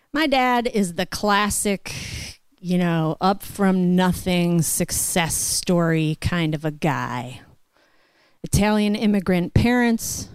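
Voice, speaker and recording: Slow, clear-voiced woman storyteller. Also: on the low side, a little mellow, no echo. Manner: slow, deliberate, vivid. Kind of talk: live personal storytelling. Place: stage at a live show.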